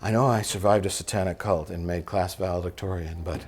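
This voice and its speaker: A man's voice: deep voice, steady tone, brisk, husky, pitched below the performer's own voice. A man voicing a smug teen graduate who survived a cult, in a mock-earnest, sarcastic way.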